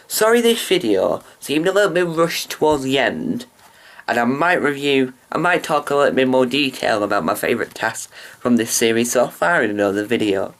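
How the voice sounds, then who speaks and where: A man's voice: medium pitch, a bit bright. A man chatting casually into his camera mic as he reviews a show, rambling with ums and restarts.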